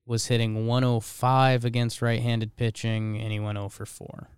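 A man co-hosting a sports podcast in a playful, jumpy way, throwing in quick quips. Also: mid-range voice, level tone, clear, resonant tone, no room sound, studio quality. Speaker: podcast co-host. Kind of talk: casual sports chat. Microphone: headphones and studio mic.

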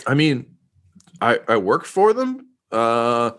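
A man's voice: medium pitch, sing-song, takes it slowly, a bit bright, voice pushed up. Man as anxious hack reporter, stumbles over words, hungry for validation. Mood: rueful. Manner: stammering, self-pitying. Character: nervous male propaganda reporter, eager for praise.

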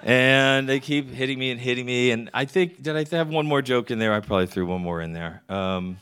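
A man's voice: medium pitch, brisk, a bit bright, smooth. A middle-aged man from Texas telling a candid comic story to a live audience, landing his punchlines wryly. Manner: wry, candid, punchline-driven joke delivery.

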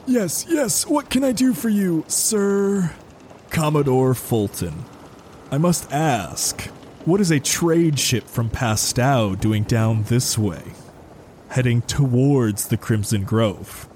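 A man voicing an evasive ship captain who talks in a placating, drawn-out way. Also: medium pitch, animated, a little mellow, slight background noise. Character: smooth-talking male ship captain, evasive.

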